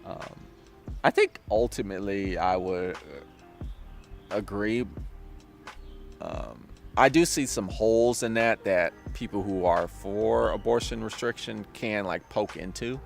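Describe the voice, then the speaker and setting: A man's voice: on the low side, a little slow, vocal fry, soft background music. A man hosting a casual discussion outdoors, hesitant with many fillers and restarts, laughing often. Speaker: discussion host. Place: outdoors, drizzling.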